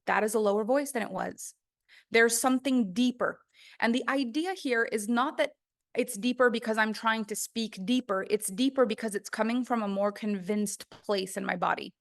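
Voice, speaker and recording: A woman teaching a course on the voice in a casual, chatty way, full of "like" fillers. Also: medium pitch. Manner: chatty, conversational, many "like" fillers.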